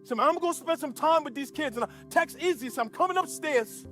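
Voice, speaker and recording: A man's voice: very high voice, expressive, fast, a bit bright, soft background music. A man preaching a sermon as pastor to a church gathering, impassioned, often stammering and restarting mid-sentence.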